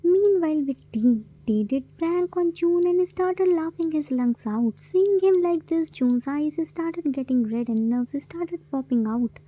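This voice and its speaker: A woman reading fan fiction aloud, narrating in an even, steady way. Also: sits high, a little slow, few pauses, poor audio. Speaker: story reader.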